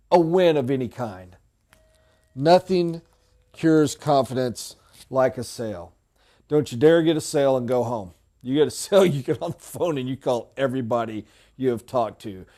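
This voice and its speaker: Male sales coach, middle-aged, motivational and emphatic, warm low-bright voice, mid pitch. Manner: emphatic, preachy. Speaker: sales trainer. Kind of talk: motivational sales training talk. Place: training room with a whiteboard.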